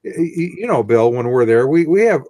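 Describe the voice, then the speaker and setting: A man hosting a casual chat, often halting and repeating words as he starts a thought. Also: mid-range voice, very animated, mellow. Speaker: host.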